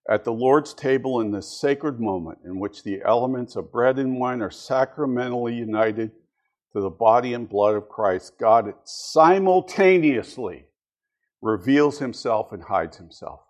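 A man's voice: mid-range voice, expressive, a little slow, darkish tone. Man teaching church history casually. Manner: conversational, tells anecdotes with asides.

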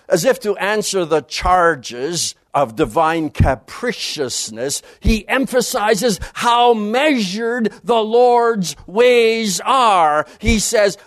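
A man giving an expository Bible lecture, emphatic and animated, dropping low and quiet to stress key words and reading scripture passages aloud quickly. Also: no echo, clean studio sound. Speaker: Bible teacher.

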